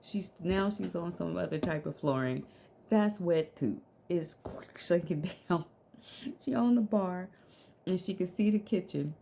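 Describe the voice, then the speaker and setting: Gravelly, animated middle-aged woman storyteller. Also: fairly low pitch, measured pace, a little hiss or hum. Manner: animated, laughs often, slangy. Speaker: vlogger telling a story. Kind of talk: casual storytelling.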